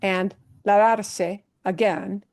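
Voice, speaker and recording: Slow, patient woman teaching a class. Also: medium pitch, steady tone, vocal fry, darkish tone. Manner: patient, explains step by step with everyday examples. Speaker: Spanish teacher. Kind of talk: classroom grammar explanation.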